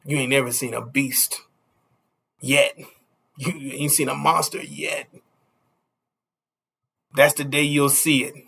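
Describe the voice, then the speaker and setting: Bright-voiced preaching man. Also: medium pitch, flat delivery, slow pace, vocal fry, long pauses, slightly rough. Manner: preachy, repeats "you see?", chuckles between points. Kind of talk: street sermon.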